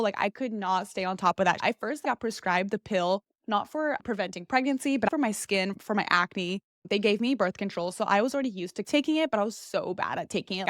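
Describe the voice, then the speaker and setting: A woman's voice: medium pitch, no room sound, studio quality. A young woman hosting a podcast, telling a personal story in a chatty, candid way and acting out the voices of other people. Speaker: podcast host. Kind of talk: casual storytelling monologue.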